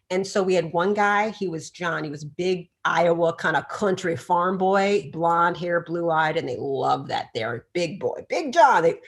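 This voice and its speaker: A middle-aged woman, a chiropractor guest on a podcast interview, telling stories in an animated way and acting out the voices of the people she quotes. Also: lowish voice. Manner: animated storyteller who acts out quoted voices.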